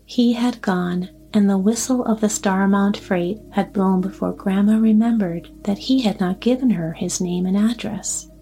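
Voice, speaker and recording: A woman narrating a storybook in a calm, even way. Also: mid-range voice, moderate pace, hardly any pauses, soft background music. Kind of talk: storybook reading.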